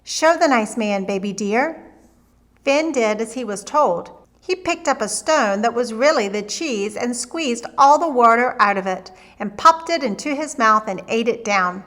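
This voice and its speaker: A woman storyteller narrating a folktale for children in a lively, expressive reading. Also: on the high side, normal speed.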